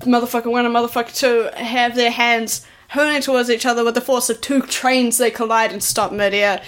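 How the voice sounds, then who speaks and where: A young woman co-hosting a casual podcast recap with a fry in her voice, playful and crude, laughing often. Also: a little high, steady tone, a little fast, background noise. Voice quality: vocal fry. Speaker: podcast co-host. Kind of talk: casual anime recap chat.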